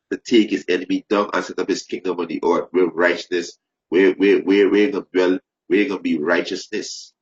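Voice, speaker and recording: Man, low voice, fiery preacher, repetitive, stumbling restarts, dull lo-fi sound. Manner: repetitive, stumbling restarts, rising to shouted emphasis. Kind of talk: impassioned preaching. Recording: dull lo-fi recording.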